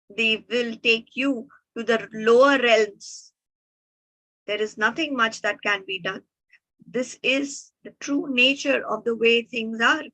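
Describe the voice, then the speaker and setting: A woman voicing a calm, wise male sage, speaking slowly and deliberately as she retells a story. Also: on the high side, dry recording, full character voice, rough recording.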